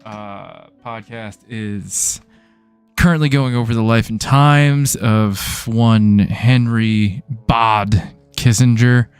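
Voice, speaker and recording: A man co-hosting a casual streamed podcast. His voice is smooth and resonant, and it sounds close and dry with faint music behind it. He jokes around and lets his sentences drift off. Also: on the low side, takes it slowly, no room sound. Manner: laid-back, joking, trailing off. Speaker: podcast co-host.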